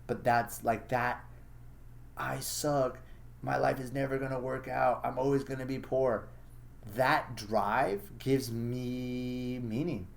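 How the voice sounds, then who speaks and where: A man's voice: medium pitch, steady tone, takes it slowly, vocal fry. A man hosting a casual solo monologue, blunt and profane, acting out his own inner thoughts as he talks. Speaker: podcast host.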